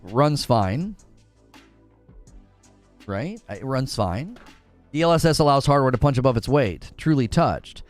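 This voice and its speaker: A man hosting a casual gaming livestream, talking in an animated, exasperated rant to his chat. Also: a little high, dry recording.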